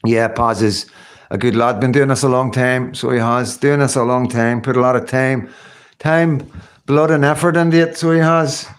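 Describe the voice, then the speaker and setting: Man, livestream host, rambling casual chat, filler-heavy, mid pitch. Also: little pitch movement, normal speed, smooth. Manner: rambling, chatty, many fillers and tag questions.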